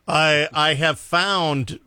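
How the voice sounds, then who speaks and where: A male morning radio host with a bright, bouncy voice pitched a little high. He jokes with stammers, then switches to brisk show announcements. The studio sound is dry and close. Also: steady tone, clean tone, no echo. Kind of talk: casual studio banter.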